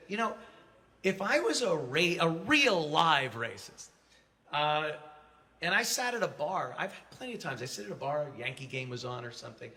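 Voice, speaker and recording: Man, speech to an audience, raised pitch, forceful bright tone, stammering restarts, acts out quotes. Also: husky. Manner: storytelling, acting out quotes with raised voice. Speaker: conference speaker.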